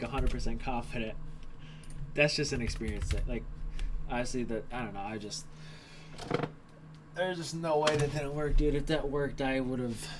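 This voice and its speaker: Young male streamer, blunt and chatty, mid-range voice, faint noise behind. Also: mid-range voice. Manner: casual, swears, thinks aloud over charts. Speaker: trading live streamer. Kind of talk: live stream trading commentary.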